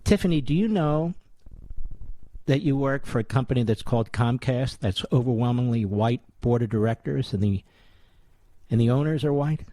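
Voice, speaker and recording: A man's voice: medium pitch, moderate pace, warm tone, no echo. A man in his sixties hosting a radio talk show, giving combative, sarcastic political commentary full of rhetorical questions. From United States. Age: 60s.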